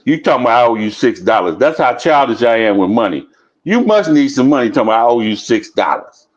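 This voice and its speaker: A man in casual chat, blunt and profane, repeating lines for emphasis. His voice sits at an ordinary pitch. The recording sounds dull and lo-fi. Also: big pitch swings, fast. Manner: blunt, profane, repeats himself while telling stories.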